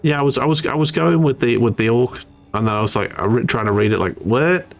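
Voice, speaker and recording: A man's voice: medium pitch, quick pace, creaky, faint music behind. A man hosting a hobby painting stream in casual chat, stumbling and repeating words and laughing easily.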